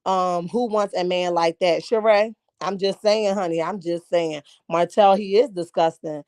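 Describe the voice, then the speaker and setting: A woman's voice: fairly low pitch, steady tone, unhurried, a little mellow, no room sound. A woman hosting a casual livestream, reacting with sass and reading out viewer comments as she talks. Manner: sassy, reads viewer comments aloud and reacts. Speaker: livestream host. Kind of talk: casual live-chat commentary.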